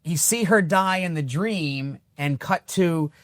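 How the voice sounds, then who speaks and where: A man's voice: a little high, slow pace, no echo. Laid-back, swearing male podcast host. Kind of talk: casual movie recap chat.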